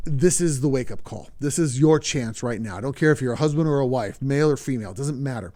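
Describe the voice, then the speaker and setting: A man's voice: mid-range voice, quick pace, few pauses, mellow. A man hosting a podcast, talking earnestly and emphatically, repeating words to stress his points. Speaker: podcast host. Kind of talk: podcast talk.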